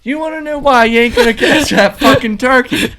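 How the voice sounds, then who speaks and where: A man's voice: extremely high pitch, brisk, bright, forceful tone, pitched above the performer's own voice. A man voicing a foul-mouthed, angry male coworker who badgers and swears constantly. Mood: badgering.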